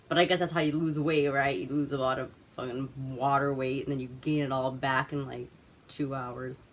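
A woman's voice: sits low, sharp tone. A woman from Alaska hosting a casual movie review, rambling through the plot with crude, swearing humor.

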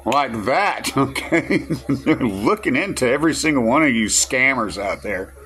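A man's voice: medium pitch, animated, a little slow, fairly bright tone. A man, rambling casually in a vlog, groggy and just woken up, who chuckles through his words and swears freely. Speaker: vlogger.

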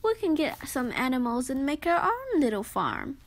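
A woman's voice: sits high, very animated, moderate pace. A woman voicing a cheerful, kind young man in a children's storybook reading.

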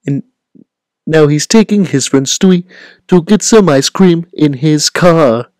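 A man's voice: a little high, a little slow, darkish tone, no echo, pitched above the performer's own voice, lightly acted. A man doing a cartoon baby, Stewie. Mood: goofy.

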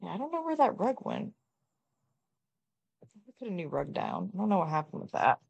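A woman giving casual, joking gameplay commentary, blunt and quick to swear. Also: on the low side, huge pitch swings, vocal fry, a little mellow, husky, muffled recording. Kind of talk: casual let's-play commentary.

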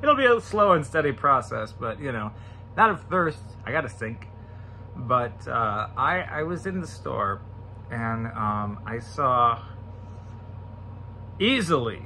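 A young man doing a rambling, crude stand-up bit, halting with fillers and restarts and breaking into loud exclamations. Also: fairly high pitch, slight background noise. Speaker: stand-up comedian.

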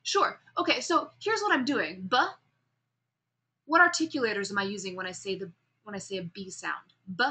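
A woman with a bright, forward voice teaches a speech class. She swings her pitch up and down to show contrast and calls on students with questions. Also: a little fast. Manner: animated, demonstrates pitch and emphasis, asks students questions. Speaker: speech instructor. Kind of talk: classroom lecture.

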